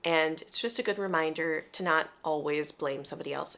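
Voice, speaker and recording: A young woman from the United States telling a travel story in an animated, chatty, self-deprecating way. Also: sits low, brisk. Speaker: vlogger. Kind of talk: casual storytelling to camera.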